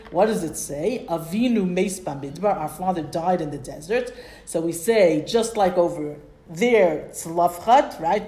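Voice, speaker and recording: A woman's voice: fairly low pitch, a little mellow. A woman teaching a Torah study class, reading Hebrew and Aramaic phrases and translating them, with a lilt and patient questions to her students.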